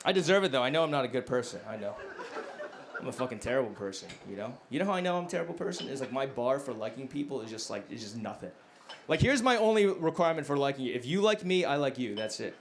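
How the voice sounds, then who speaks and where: A male stand-up comedian doing a crude, self-mocking set, dropping to low mumbles and then bursting out loud. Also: very animated, fast talker. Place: comedy club stage. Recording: live club recording with noticeable background noise. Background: audience laughter.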